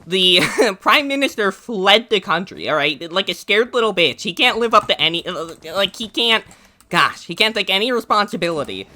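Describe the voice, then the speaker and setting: A young man giving casual, rambling commentary while playing a video game, excitable and slangy, often laughing and restarting his sentences. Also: high voice, moderate pace. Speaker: gaming YouTuber explaining news.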